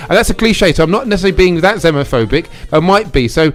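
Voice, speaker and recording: English male radio host, quick rambling chat, high-pitched, rapid delivery. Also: animated. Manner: rambling, self-mocking, quick asides. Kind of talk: casual studio chat. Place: local radio studio.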